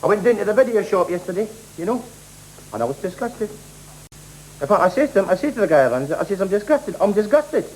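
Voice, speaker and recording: Bigoted middle-aged husband, indignant rant, lively pitch, noisy 1980s tv recording. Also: male voice, fairly quick. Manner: indignant ranting. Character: bigoted middle-aged male loyalist ranting to his wife. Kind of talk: 1980s TV sketch comedy. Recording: noisy old TV broadcast.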